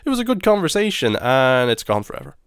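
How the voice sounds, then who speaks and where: Young male podcast co-host, smooth and clear, dry close sound, animated storyteller. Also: mid-range voice, quick pace, dry recording. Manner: animated storytelling, swears a lot. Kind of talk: casual chat.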